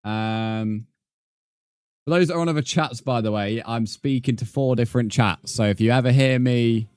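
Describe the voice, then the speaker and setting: A man's voice: mid-range voice, normal speed, a little mellow, smooth, no echo. A man, chatting casually with viewers while streaming a game and answering their comments. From England. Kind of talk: casual live-stream chat.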